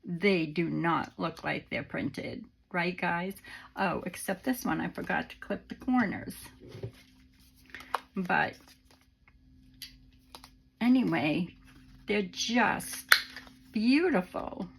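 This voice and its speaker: A woman hosting a crafting vlog, talking gently and sentimentally to her viewers while unwell on antibiotics. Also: on the low side, slow, creaky, long pauses, noisy background. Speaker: crafting channel host. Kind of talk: casual vlog chat to viewers.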